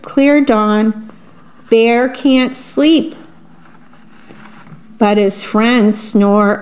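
A woman reading picture books aloud to children in a gentle manner, pausing to describe the pictures. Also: mid-range voice. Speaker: storybook reader. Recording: dull lo-fi recording.

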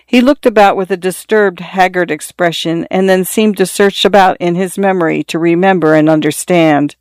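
An audiobook narrator reading a classic short story in an even, measured way. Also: medium pitch, clean tone, dry recording, studio quality.

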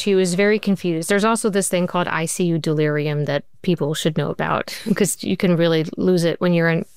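A woman, a TV writer, answering interview questions in an animated storytelling way, acting out quoted dialogue and saying "like" a lot. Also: medium pitch, smooth, dry recording, studio quality. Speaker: TV writer and showrunner guest.

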